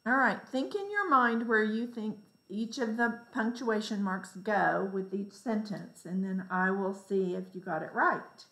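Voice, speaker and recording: A woman teacher giving a lesson to young children, reading example sentences slowly with exaggerated expression. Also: mid-range voice, a bit bright, reverberant, low-quality recording. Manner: slow, clear, exaggerated reading for young kids.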